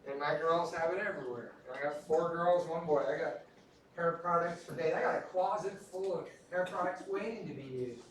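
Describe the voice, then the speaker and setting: A middle-aged man lectures an anatomy class in a loose, chatty way, with joking asides. His voice sits a little high for a man. The recording catches him from well back in a heavily echoing classroom. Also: fairly quick, slight background noise. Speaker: anatomy instructor. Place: large echoey classroom. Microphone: recorded from a distance. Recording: echoey classroom from far off.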